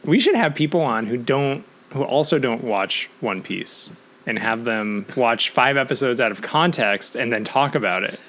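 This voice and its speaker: Animated man co-hosting a podcast. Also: mid-range voice, moderate pace. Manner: animated, laughs often, acts out quotes. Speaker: podcast co-host. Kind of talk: casual chat.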